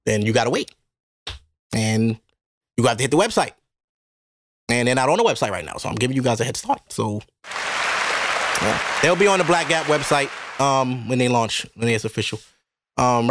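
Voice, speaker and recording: A man hosting a casual solo podcast, talking bluntly and profanely to his listeners and laughing often. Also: on the high side. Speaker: podcast host.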